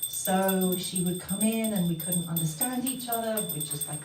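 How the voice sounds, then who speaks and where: A woman's voice: mid-range voice, normal speed, background noise. A woman from the West telling a personal story to a group, acting out the voices she quotes. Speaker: storyteller sharing a memory. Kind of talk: casual spoken testimony. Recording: roomy, distant mic with faint ambience.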